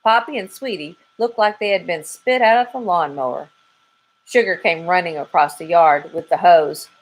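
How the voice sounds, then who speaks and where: Low-voiced teacher reading a storybook. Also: female voice, normal speed, low-quality recording. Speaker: 3rd grade teacher. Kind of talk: children's read-aloud.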